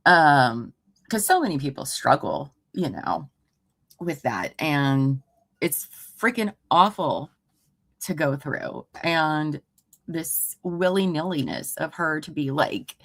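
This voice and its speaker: A woman's voice: low-pitched, lively intonation, slow pace, no room sound. A woman hosting a true crime livestream from home, reading a report aloud and breaking off into sarcastic, exasperated asides. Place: home room.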